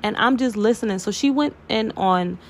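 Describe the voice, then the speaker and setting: A woman's voice: on the high side, moderate pace, slight background noise. A young adult woman hosting a podcast and talking openly and emotionally about her own life, swearing freely and calling her listeners y'all. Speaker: podcast host. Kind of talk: candid personal podcast monologue.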